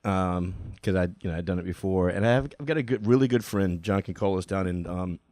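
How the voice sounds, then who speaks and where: A man's voice: sits low, a little fast, a little mellow, no room sound, clean studio sound. A middle-aged man from Virginia, chatting as a podcast guest, rambling with many fillers and restarts. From Virginia, USA. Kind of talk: casual chat.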